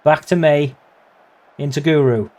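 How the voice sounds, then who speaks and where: Young male gaming commentator, slightly high pitched, excitable, casual swearing. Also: measured pace, muffled recording. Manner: excitable, yelps at near misses, swears casually. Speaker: gaming YouTuber. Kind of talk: live play-by-play commentary over a football management game.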